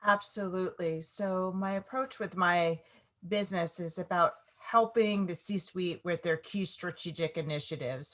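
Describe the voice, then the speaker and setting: Measured lower-voiced businesswoman guest. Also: a bit bright. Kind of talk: interview answers.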